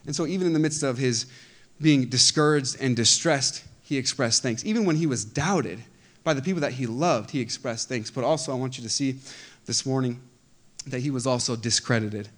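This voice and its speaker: A man preaching a sermon as pastor, impassioned and repeating phrases as he builds to loud emphatic peaks. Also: medium pitch, normal speed.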